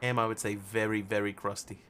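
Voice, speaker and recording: Bright-voiced man rambling while he streams a game. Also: lowish voice, little pitch movement, a little fast, a little hiss or hum. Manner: rambling, jokey, chatty with viewers. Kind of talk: casual live-stream chat while playing.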